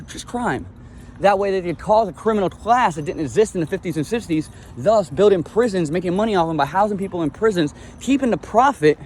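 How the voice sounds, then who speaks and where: Young guy from florida talking fast about his life, blunt and rambling, cars going by outside. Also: on the high side, a little mellow, slight background noise. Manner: blunt, rambling, swears freely. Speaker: vlogger telling his life story. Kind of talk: casual storytelling monologue.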